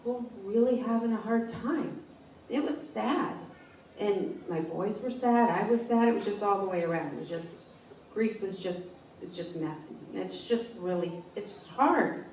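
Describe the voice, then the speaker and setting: A woman in her forties giving a personal testimony at a church meeting, speaking in a halting, heartfelt way with frequent restarts. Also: mid-range voice, darkish tone, slight background noise. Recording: echoey room, voice from a distance.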